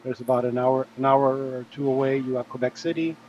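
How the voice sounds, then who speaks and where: A man hosting a live stream, making relaxed event announcements in a casual chat. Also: mid-range voice, fast talker, dull audio. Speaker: host.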